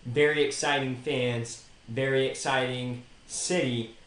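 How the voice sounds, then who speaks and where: A man's voice: medium pitch, steady tone, measured pace, a bit bright. A young man co-hosting a sports podcast, giving opinions in casual chat and talking straight to the players. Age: young adult. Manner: opinionated, addresses players directly. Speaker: podcast co-host. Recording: roomy echo.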